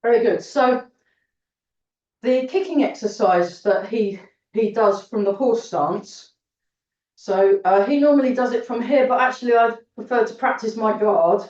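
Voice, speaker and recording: A woman's voice: a little high, unhurried, darkish tone. A woman teaching a fitness class, cheerfully counting reps aloud and chatting while getting out of breath. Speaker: fitness and tai chi instructor. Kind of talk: counting through an exercise class. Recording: roomy echo, distant mic, dull sound.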